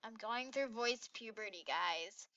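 A woman giving casual, excitable commentary while playing a game, jumping between squeals and hushed whispers. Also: a little high, unhurried, dry recording, dull audio. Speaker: gameplay YouTuber.

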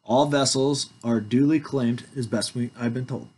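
A man's voice: mid-range voice, steady tone, moderate pace, darkish tone, breathy edge. A man in his forties reading legal documents aloud to viewers, calling out every comma and parenthesis, then breaking off to talk to his audience. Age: 40s. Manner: reads word by word, calling out punctuation, with asides to the audience.

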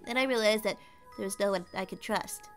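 A woman's voice: medium pitch, fairly quick, faint music behind, close to an everyday voice. A woman voicing a young male stray cat in a game, cutesy and earnest, telling his past.

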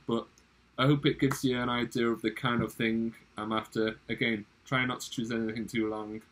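Husky male drama teacher. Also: on the low side, a bit bright, rough recording. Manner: friendly, instructive, with verbal restarts. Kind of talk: recorded online lesson.

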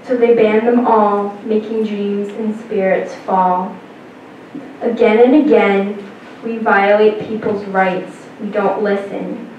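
A woman recites a rhyming poem slowly and deliberately at a middle pitch. Her voice sounds distant and dull in a very echoey hall, with faint rumble behind. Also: little pitch movement.

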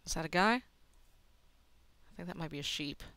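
A young woman talking to herself while she plays a game, swearing often and muttering quietly between excited outbursts. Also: deep voice, moderate pace, no room sound. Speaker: gaming video host. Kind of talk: casual let's-play commentary.

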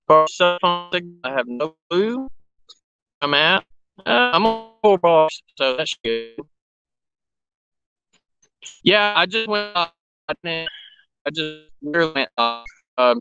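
The voice is a little high, bright and forceful, captured in dull audio, belonging to a man streaming live from a cell phone trackside. A railfan, he chats easily and greets viewers by name while engines run and background noise carries on.

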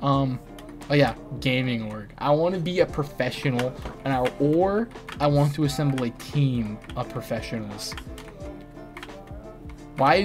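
Streamer: young American man, playful teasing banter, faint music and keyboard clicks behind. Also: mid-range voice. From United States. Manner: teasing, banters with chat and friends. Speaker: gaming streamer. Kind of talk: casual live-stream chatter while playing. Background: faint music and keyboard typing.

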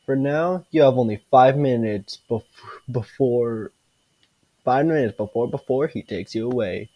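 A man's voice: mid-range voice, no room sound, dull audio, pitched below the performer's own voice, lightly acted. A man reading aloud as a creepy storybook narrator. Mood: eerie. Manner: slow, stumbling reading.

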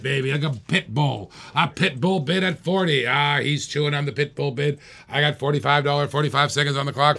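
Gravelly-voiced man calling a live auction. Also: fairly high pitch, fairly bright tone. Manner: rapid repetitive bid calling, hyping bidders. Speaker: auctioneer host.

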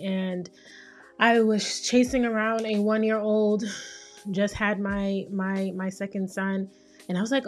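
A woman, hosting a casual solo podcast as a therapist and talking candidly and playfully. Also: mid-range voice. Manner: candid, playful, acts out quoted voices.

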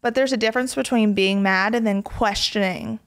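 A woman's voice: medium pitch, a little fast. A young woman hosting a podcast, speaking thoughtfully and often correcting herself mid-sentence. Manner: thoughtful, restarts and corrects herself, many affirming murmurs. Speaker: podcast host. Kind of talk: casual conversational interview.

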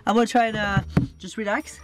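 A man's voice: high voice, flat delivery, quick pace, crowd noise. A young man vlogging anxiously from a box buried underground, sighing and talking to the camera. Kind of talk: casual vlog talk.

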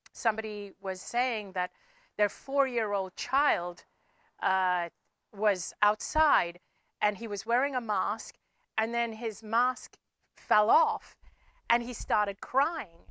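A woman's voice: medium pitch, measured pace, pushed and bright, dry recording. A woman giving an earnest motivational talk to her viewers, often circling back and repeating her words. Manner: earnest, repeats herself with fillers. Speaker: spiritual speaker.

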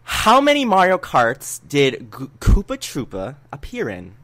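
A man's voice: a little high, huge pitch swings, a little slow, a bit bright. Giggly young man hosting a quiz. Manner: laughs often, breaks composure. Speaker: quiz game host. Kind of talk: casual podcast quiz hosting.

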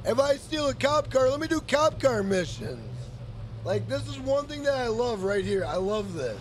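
A man's voice: very high voice, moderate pace. Profane, hot-tempered young man streaming a game. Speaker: gaming streamer. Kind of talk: casual let's play commentary. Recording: steady background noise.

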